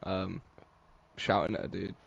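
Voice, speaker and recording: A man's voice: low voice, level tone, unhurried, gravelly, no room sound, dull audio. An English man chatting casually on a podcast, laid-back and rambling, chuckling often. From England. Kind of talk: casual chat.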